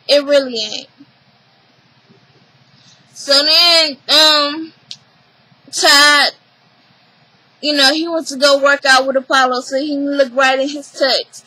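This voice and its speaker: A young adult woman casually recapping a reality show episode, retelling scenes with animated emphasis and acting out the others' lines. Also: high voice, poor audio.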